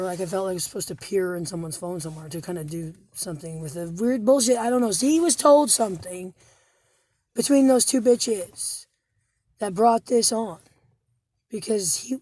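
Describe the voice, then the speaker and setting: A hoarse woman telling her own story to the camera in an agitated, profane way, with frequent repetitions and restarts. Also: on the low side, warm tone. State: hoarse, injured throat. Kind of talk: personal recounting to camera.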